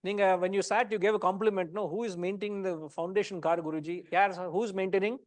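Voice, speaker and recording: Indian english guy teaching gita class, kinda high voice, jokey chatty tone, dry close sound. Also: steady tone, quick pace, no echo. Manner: conversational, teasing, mixes in Indian words. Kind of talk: lecture to a study class.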